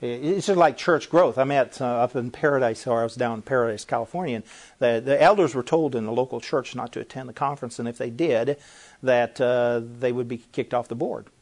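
A man's voice: medium pitch, brisk, darkish tone. Male preacher, mid voice, emphatic sermon delivery, lots of rhetorical questions and restarts. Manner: repeats and restarts phrases. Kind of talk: sermon-style teaching talk.

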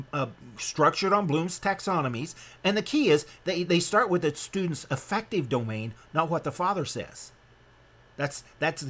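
Emphatic preaching man, higher-pitched voice. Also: fairly bright tone. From Nebraska. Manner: emphatic and rambling, with frequent restarts and sudden rises in pitch. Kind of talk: impassioned sermon-style lecture.

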